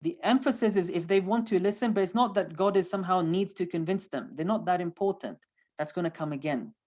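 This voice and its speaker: A man's voice: high voice, fairly quick, a little mellow. A man teaching a lecture on scripture, speaking emphatically and building points through repetition. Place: online lecture.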